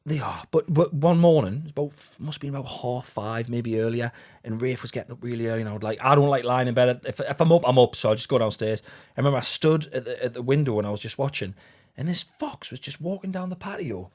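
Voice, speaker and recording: Man, middle-aged co-host; quick, blunt, swears, acts out anecdotes. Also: mid-range voice, darkish tone. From South Shields, England. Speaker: podcast co-host. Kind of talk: casual chat.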